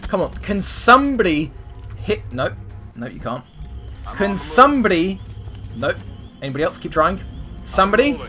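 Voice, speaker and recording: Excitable man commenting on gameplay. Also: sits high, moderate pace, pauses often, music in the background. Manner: loud swearing outbursts and rambling explanations. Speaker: gaming channel host.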